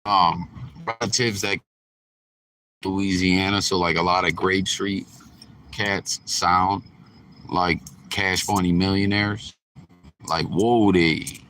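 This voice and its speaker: Host, male, low and bright, casual profane reaction talk. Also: level tone, slow pace, long pauses, a little hiss or hum. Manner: profane, rambling, talks straight to viewers.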